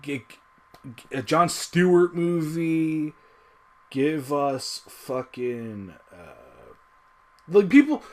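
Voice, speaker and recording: A man ranting casually to his audience, swearing constantly, heated and emphatic. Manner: profane, heated, lively swings in pitch. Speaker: video creator. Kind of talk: casual rant to camera.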